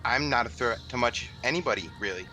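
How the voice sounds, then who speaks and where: A man's voice: mid-range voice, lively intonation, fast talker, bright, forceful tone, faint music behind, poor audio. A man voicing a nervous, curious male rat who rambles and stammers. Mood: flustered.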